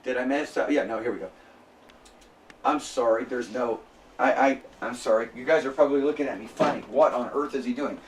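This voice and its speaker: A man lecturing a classroom, slowly spelling out sounds and checking in with his students. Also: medium pitch, far from the mic, slight background noise.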